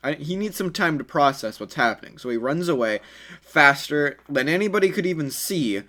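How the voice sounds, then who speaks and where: A man's voice: on the high side, lively intonation, moderate pace, pushed and bright. A man telling an improvised fan story in a casual, rambling way, with many fillers and self-corrections.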